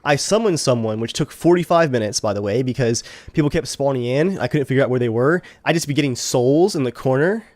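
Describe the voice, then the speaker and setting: A man's voice: medium pitch, lively intonation, a little fast, hardly any pauses, darkish tone, no room sound, clean studio sound. A man co-hosting a gaming podcast, talking in an easygoing, self-deprecating way. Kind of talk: casual podcast chat.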